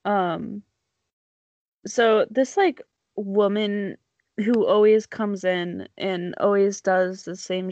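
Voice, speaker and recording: Slow rambling woman storyteller. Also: medium pitch, no room sound, highs cut off. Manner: rambling, many likes and ums, laughs often. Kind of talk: casual storytelling chat.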